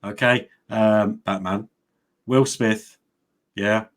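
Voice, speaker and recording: A man's voice: on the low side, steady tone, slow. A man co-hosting a casual podcast, eager and joking while guessing quiz answers. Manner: enthusiastic, guesses and jokes. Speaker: podcast co-host. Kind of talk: casual chat.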